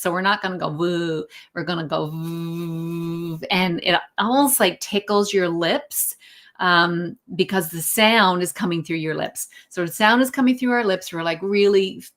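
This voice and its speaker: Woman calmly guiding a breathing lesson. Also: fairly low pitch. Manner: relaxed, guiding, with fillers and self-corrections. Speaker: wellness coach. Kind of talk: live-streamed breathing lesson. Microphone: phone.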